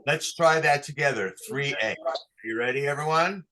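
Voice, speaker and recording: A man's voice: medium pitch, moderate pace, sharp tone. A man teaching Torah cantillation online, patiently explaining each sign and singing short chant examples for the class to repeat.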